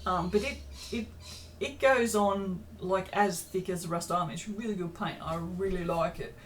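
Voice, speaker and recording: A woman's voice: on the low side, moderate pace, a little hiss or hum. A tired woman, chatting casually to camera in a rambling, self-deprecating way from her home craft room. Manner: chatty, self-deprecating, lots of ums and tangents. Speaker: small business owner updating viewers.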